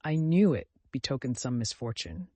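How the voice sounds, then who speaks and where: A man's voice: medium pitch, sing-song, moderate pace, dark tone, no room sound. Male reader as a prim superstitious older lady, soothing, audiobook.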